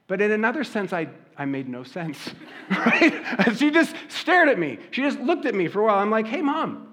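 A man's voice: high-pitched, very animated, moderate pace, fairly bright tone. A man delivering a sermon in a conversational style, telling stories and asking the congregation rhetorical questions. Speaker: pastor.

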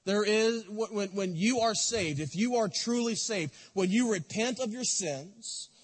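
A man preaching a sermon in a church, impassioned, swinging from loud to soft. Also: high voice, a little slow, husky. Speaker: pastor. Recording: long reverb of a church hall.

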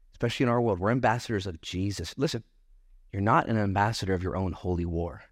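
Male pastor, mid-pitched, lively conversational preaching in a dry, close sound. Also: no room sound. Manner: animated, acts out quoted voices, conversational. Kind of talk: sermon.

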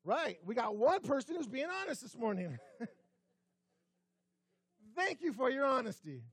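A man's voice, high and animated, swinging widely in pitch as he preaches. He talks to the congregation with rhetorical questions and sinks to a hushed, quiet tone to drive points home. The sound is close and dry, with little room around it. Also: slow, breathy edge, no room sound. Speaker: pastor. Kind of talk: sermon. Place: church sanctuary.

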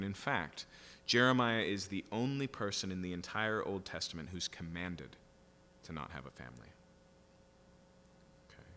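A man's voice: low voice, animated, normal speed, pauses often, bright, forceful tone, in a large hall, slight background noise. A man preaching a sermon, reading scripture aloud and explaining it in a conversational way with frequent "right?" asides. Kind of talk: sermon, Bible teaching.

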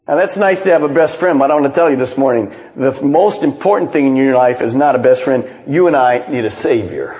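A man's voice: on the high side, expressive, fast, darkish tone. A male pastor preaching a sermon as a dramatic storyteller who acts out the quotes. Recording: long reverb of a large hall.

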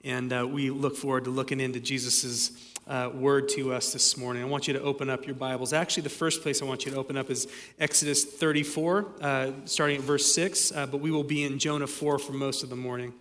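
A man giving a sermon as pastor, telling stories in a relaxed, conversational way with frequent fillers. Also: medium pitch, fairly quick. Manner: conversational storytelling with many fillers. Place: church sanctuary. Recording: long hall reverb.

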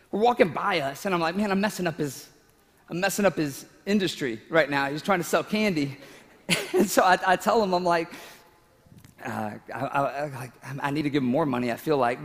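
A man in a sermon, talking casually and with feeling through a personal story, at times choked up and at times laughing. His voice sits a little high and rings out through a large hall with a long reverb. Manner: emotional, tearful at times, laughing asides. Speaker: pastor.

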